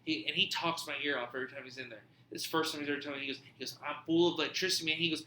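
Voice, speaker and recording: Bright-voiced man telling a wild story. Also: fairly high pitch, racing, few pauses, echoey room, a little hiss or hum. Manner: animated, profane, acts out quoted dialogue. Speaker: podcast host. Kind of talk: casual storytelling chat.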